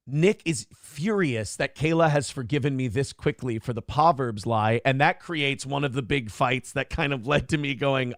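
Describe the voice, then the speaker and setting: A man's voice: medium pitch, lively intonation, moderate pace, creaky, few pauses, fairly bright tone, dry recording, studio quality. A young man co-hosting a morning show, telling a story animatedly, acting out quotes and swearing freely. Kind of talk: casual storytelling chat.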